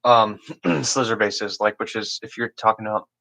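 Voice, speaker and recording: A young man casually explaining beatbox basses on a livestream, rambling with lots of "you know" and "like" and clearing his throat often. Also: fairly even intonation, normal speed, bright, forceful tone, low-quality recording. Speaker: beatbox teacher.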